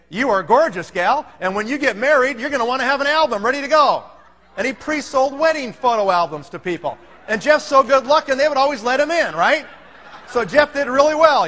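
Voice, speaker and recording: High, bright-voiced man in a hall. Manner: animated, keeps checking in with the audience. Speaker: conference speaker. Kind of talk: motivational sales talk. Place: large hall. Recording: reverberant hall.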